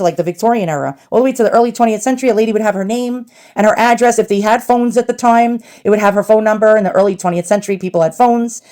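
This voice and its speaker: A woman's voice: fairly high pitch, dark tone. A middle-aged woman with a New York accent, chatting and rambling as she unboxes antiques for her vlog. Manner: chatty, rambling, thinking aloud. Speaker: antiques vlogger.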